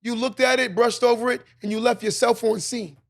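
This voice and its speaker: High-voiced, gravelly preachy man. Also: fairly even intonation, brisk. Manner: preachy, emphatic, repeats lines for effect. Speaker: podcast host. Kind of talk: motivational monologue.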